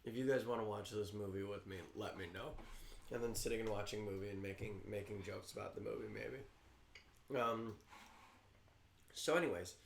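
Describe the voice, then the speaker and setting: A man's voice: lowish voice, fairly even intonation, moderate pace, gravelly, long pauses, roomy sound, a little hiss or hum. A man co-hosting a casual livestream, chatty and rambling, often restarting his sentences. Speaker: livestream co-host.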